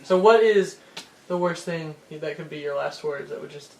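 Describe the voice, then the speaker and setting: A man's voice: fairly high pitch, moderate pace, creaky, a little hiss or hum. A man co-hosting a podcast, telling an anecdote in casual chat and acting out the quoted lines. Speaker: podcast co-host. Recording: echoey room.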